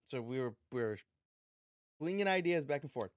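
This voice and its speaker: A man's voice: mid-range voice, lively intonation, normal speed, clean tone, no echo. A man telling a rambling, profane story in a casual podcast chat. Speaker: podcast guest.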